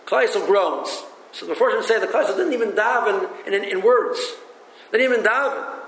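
High-voiced rabbi teaching in an echoey room. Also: male voice, a bit bright. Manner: halting and repetitive, thinks aloud. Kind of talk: teaching a religious text, with stories. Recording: echoey room with faint ambience.

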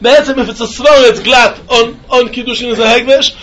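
High-voiced man giving a singsong Talmud lecture. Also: brisk. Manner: animated singsong, mixing Yiddish and Hebrew terms. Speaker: Talmud teacher. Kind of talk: yeshiva-style Talmud lecture.

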